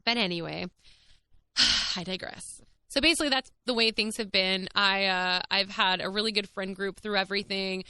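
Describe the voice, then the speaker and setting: A woman hosting her own podcast, telling a personal story in a candid, casual way, animated and full of "like" and the odd swear word. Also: mid-range voice, normal speed, clear, resonant tone, no echo. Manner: frank, animated, heavy use of "like". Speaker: podcast host.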